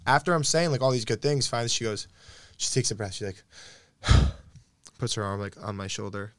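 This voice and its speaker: A man's voice: fairly low pitch, fast talker, a bit bright, no echo. A young man in casual conversation, animatedly telling a story and acting out the quoted dialogue, laughing often.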